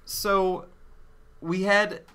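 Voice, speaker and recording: A man's voice: sits high, flat delivery, drawn-out words, pushed and bright, clear, resonant tone. A man co-hosting a casual comedy podcast, teasing his co-host with sarcastic, profane banter. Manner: sarcastic, teasing, swears freely.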